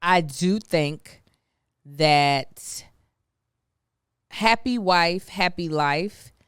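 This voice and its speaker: A candid, thoughtful woman hosts a podcast. Her voice is smooth and slightly low, and the recording is dry and close. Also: extremely slow, fairly bright tone, dry recording. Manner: thoughtful, candid, self-deprecating. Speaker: podcast host. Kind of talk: casual chat.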